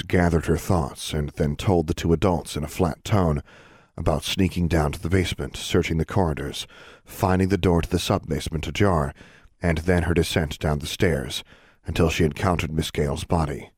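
A man reading a fantasy story aloud as narrator, in an even, steady storytelling manner. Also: very deep voice, moderate pace, slightly rough, no echo, studio quality. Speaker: audiobook narrator. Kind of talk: scripted narration.

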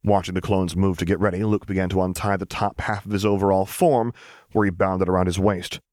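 A man narrating a fan fiction audiobook in a steady, even reading. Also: low-pitched, a little fast, no room sound, studio quality.

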